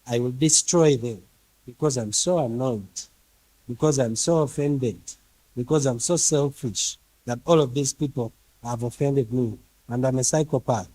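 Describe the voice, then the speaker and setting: Brief: petty male God, self-pitying rant, threats on repeat, mellow tone; a preacher sends him up. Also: medium pitch, a little slow, no echo, close to an everyday voice, rough recording. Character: furious petty male God, sulky, vengeful. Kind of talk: mocking caricature in a sermon.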